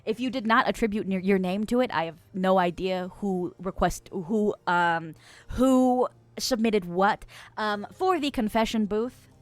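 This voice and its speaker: A woman's voice: mid-range voice, a little slow, no echo. A woman from the US West Coast hosting a live stream, reading chat messages aloud in a casual, playful way and laughing often. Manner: chatty with frequent fillers and restarts. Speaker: streamer host.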